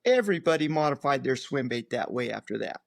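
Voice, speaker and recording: A man's voice: mid-range voice, expressive, brisk, creaky, no room sound, clean studio sound. An older man, a guest on an interview show, telling rambling stories and acting out other people's lines. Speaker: guest, professional angler. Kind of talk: casual interview storytelling.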